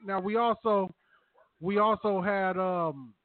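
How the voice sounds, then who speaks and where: A man's voice: sits high, slow, dry recording. A man hosting a casual sports talk show, passing the talk around the panel. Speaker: podcast host. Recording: tinny phone-like sound.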